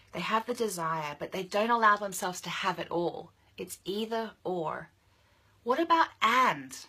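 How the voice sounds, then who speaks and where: A young woman delivers a fired-up motivational talk to her audience of women. Her voice has a breathy, husky edge, yet it cuts through with a bright, tense push. She leans on repetition to drive each point home. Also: on the low side. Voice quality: passionate, emphatic, repeats phrases for force. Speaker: women's business coach. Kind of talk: motivational monologue to camera.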